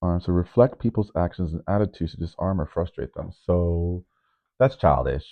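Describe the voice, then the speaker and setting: A man with a deep, low voice talks through his vlog in a loose, rambling way, nervous in front of the camera. He keeps breaking into sudden high, loud bursts before dropping back down. The sound is thin and narrow, like a phone line. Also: expressive, normal speed, creaky. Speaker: DJ and vlogger. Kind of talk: casual vlog monologue. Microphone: microphone.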